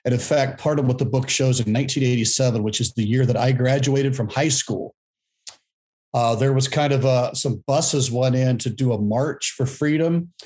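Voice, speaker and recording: Man, 50s, podcast guest, mid-pitched, reflective, pauses to find his words. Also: a little mellow. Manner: reflective, thinking aloud with pauses and restarts. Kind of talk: podcast panel discussion.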